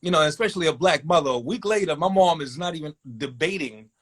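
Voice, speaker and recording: Guy telling a story from his school days, voice sits a bit high, animated. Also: fast. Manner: animated, acts out other voices in quotes. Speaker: guest telling a personal story. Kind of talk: casual storytelling.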